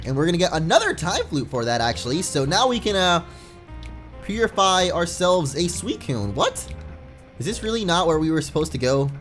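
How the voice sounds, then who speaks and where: A man's voice: a little high, fairly bright tone. A young man giving casual, rambling commentary while playing a video game. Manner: chatty, rambling, reads game text aloud. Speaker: let's play gamer. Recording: faint game music behind.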